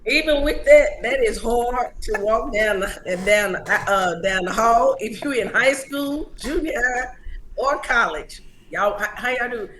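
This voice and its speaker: A woman's voice: on the high side, a little slow, fairly bright tone, poor audio. A woman co-hosting a sports podcast, talking in a joking, teasing and emphatic way. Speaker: podcast co-host. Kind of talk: casual sports chat.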